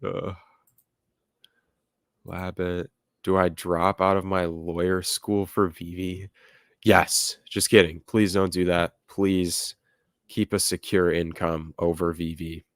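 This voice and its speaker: A young man with a low, deep voice hosts a casual livestream, reading viewer comments and chatting loosely with plenty of "like" and "uh". The recording is dry and close, with little room sound. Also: level tone, takes it slowly, no room sound. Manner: rambling, filler-heavy, laughs at chat comments. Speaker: livestream host reading chat. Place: home room with music playing nearby.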